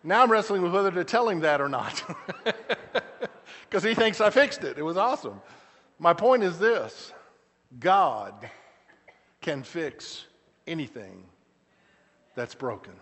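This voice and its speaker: High-voiced man preaching in a reverberant hall. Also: big pitch swings. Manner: swings between loud emphatic lines and quiet, slow asides; storytelling with frequent restarts. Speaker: pastor. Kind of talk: sermon. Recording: church hall with long reverb.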